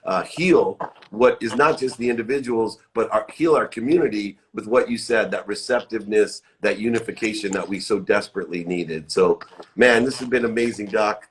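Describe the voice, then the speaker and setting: A man's voice: fairly low pitch, moderate pace, slight background noise. A middle-aged man hosting a live motivational chat, effusive and upbeat, repeating uplifting phrases. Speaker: live show host. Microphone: phone or webcam live stream.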